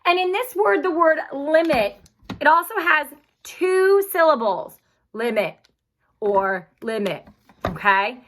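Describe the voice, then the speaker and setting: A woman teacher giving a phonics lesson, patient and encouraging, speaking slowly and clearly. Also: extremely high pitch, animated, a bit bright.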